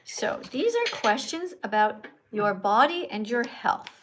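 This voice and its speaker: A woman's voice: fairly high pitch, very animated, measured pace, background noise. A woman hosting a livestream, lecturing her viewers in an emphatic, preachy, teacherly way. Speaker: livestream host and vegan activist.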